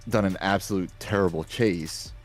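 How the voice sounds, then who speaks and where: A man's voice: sits low, fairly even intonation, moderate pace, faint music behind. A man co-hosting a live online drift event, judging runs and starting the drivers in an emphatic, joking way. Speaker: co-host and race official. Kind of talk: live sim-racing drift commentary.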